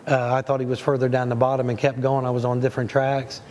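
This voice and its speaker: A man narrating a hunt in voice-over, telling it in a rambling, excited way with fillers. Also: medium pitch, fast, big-room sound, a little hiss or hum. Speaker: hunting show host. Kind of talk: voice-over storytelling.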